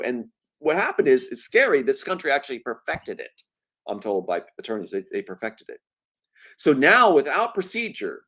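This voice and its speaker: Animated man, lively pitch. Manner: animated, emphatic storytelling. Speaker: guest. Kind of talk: conversational interview.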